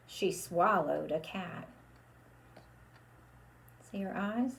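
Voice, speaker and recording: A woman's voice: fairly low pitch, lively intonation, gravelly. A woman leading a children's storytime with a puppet, drawing out her words in a sing-song way. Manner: slow, sing-song, drawn-out for kids.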